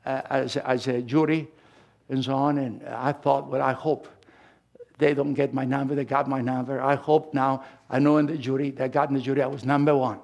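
A man preaching a sermon as pastor, swinging from quiet asides to loud, emphatic lines. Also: mid-range voice, flat delivery, moderate pace, gravelly, lo-fi sound.

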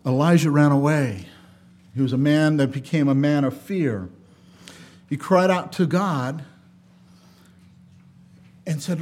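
A man delivers a sermon in a notably high-pitched voice. His preaching is dynamic, swelling into loud emphasis and falling to quiet asides, and he slows to a measured cadence whenever he reads scripture.

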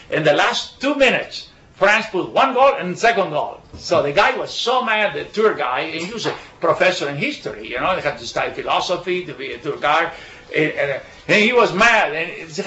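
A man giving an informal Bible talk full of anecdotes, halting with frequent fillers and restarts. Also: a little high, bright, forceful tone. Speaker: bible study speaker. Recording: echoey room, dull lo-fi sound.

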